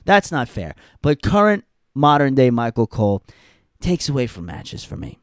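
A man's voice: mid-range voice, sing-song, moderate pace, dry recording, clean studio sound. A young adult man hosting a podcast, ranting in a blunt, profane way and repeating points for emphasis. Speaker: podcast host. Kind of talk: casual ranting commentary.

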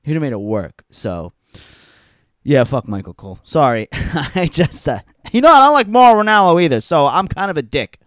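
A young man rants bluntly on his podcast, swearing freely and hammering points by repeating them. His pitch swings widely and with animation. The recording is dry and close, with no room sound. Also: very animated, moderate pace, a bit bright, no echo. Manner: blunt, profane, emphatic repetition. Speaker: podcast host. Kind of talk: casual ranting commentary.

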